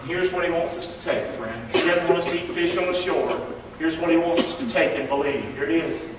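A man's voice: fairly high pitch, brisk. A male pastor preaching a fervent sermon, calling on the congregation to repeat his words. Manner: fervent preaching with call-and-response. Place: church. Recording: echoey hall from far off, noisy.

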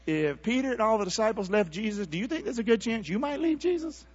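A man preaching a sermon, calling out to the congregation and swinging from near-whispers to shouts. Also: high-pitched, expressive, fast, big-room sound, muffled recording. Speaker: pastor. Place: church sanctuary.

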